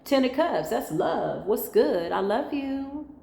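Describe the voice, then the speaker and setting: A woman's voice: sits high, very animated, slow pace, gravelly, warm tone. Slangy, emphatic woman giving a tarot reading. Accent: mixed Spanglish accent. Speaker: tarot reader. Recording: echoey room with faint ambience.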